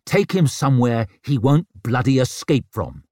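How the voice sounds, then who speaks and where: A man's voice: mid-range voice, very animated, unhurried, a little mellow, no echo, studio quality. A man voicing a bitter, maimed young noble who sneers and snaps. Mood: sneering. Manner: sneering, snapping.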